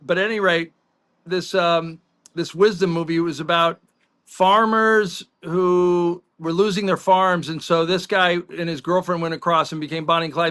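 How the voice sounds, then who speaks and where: A man's voice: fairly high pitch, pushed and bright. A middle-aged man co-hosting a podcast, telling rambling anecdotes in casual chat. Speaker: podcast co-host.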